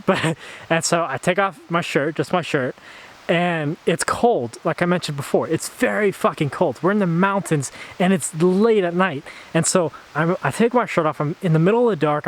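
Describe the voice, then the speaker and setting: A young man telling a story in a casual, animated way, acting out the quotes and laughing often. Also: sits high. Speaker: vlogger.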